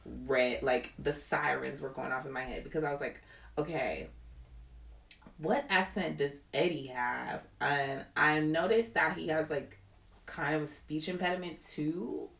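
In an echoey room, a podcast co-host speaks with a deep, gravelly voice at a measured pace. She chats casually with strong opinions, animated and quoting what others said.

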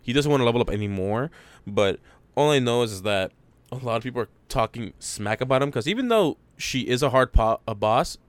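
A man's voice: mid-range voice, lively intonation, brisk, dry recording. A man co-hosting a podcast, explaining game details at length in a rambling way, with many restarts. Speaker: podcast co-host. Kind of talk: casual gaming chat.

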